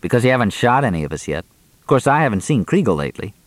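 A man's voice: mid-range voice, sing-song, rapid-fire, dry recording, voice pushed up, close to an everyday voice. A man voicing a guarded young man who answers in a dry, polite manner.

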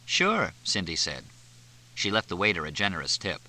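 Man with a low, bright narrating voice. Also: a little fast. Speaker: audiobook narrator. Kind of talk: scripted narration.

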